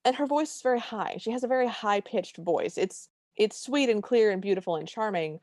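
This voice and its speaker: A woman's voice: mid-range voice, lively intonation, fairly quick, a little mellow, dry recording, clean studio sound. A woman co-hosting a podcast, chatting about a film with enthusiastic, vivid commentary. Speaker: podcast co-host. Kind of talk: casual film recap chat.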